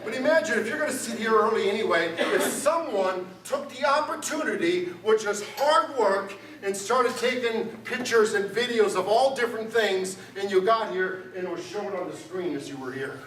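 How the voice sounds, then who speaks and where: A man's voice: sits high, normal speed, hardly any pauses, a bit bright, slight background noise. A man preaching a sermon to his congregation, conversational and joking with them. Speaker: pastor. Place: church sanctuary. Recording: roomy church sound from a distance. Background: guitar music.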